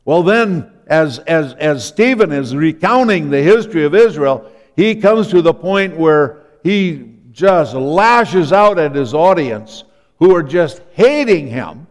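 High-voiced preacher in a reverberant hall. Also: male voice, lively intonation, slow pace. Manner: storytelling, acting out the biblical speakers. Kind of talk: sermon.

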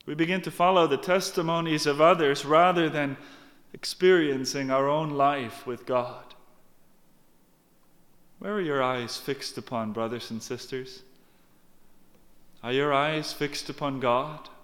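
An earnest man preaches with emphasis and speaks straight to his congregation. His voice sits a little high. A long reverb trails each phrase, as in a large hall. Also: a little slow, pauses often, a bit bright. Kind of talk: sermon.

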